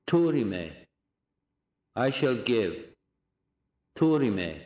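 A man giving a recorded language lesson, saying phrases slowly and repeating each one for drilling. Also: medium pitch, very animated, a little mellow, reverberant. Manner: slow, deliberate drilling of phrases with repetition. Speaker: language teacher.

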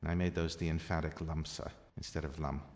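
A man teaching a language lesson, reading short phrases in two languages one after another in a measured way. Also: a bass voice, level tone, darkish tone.

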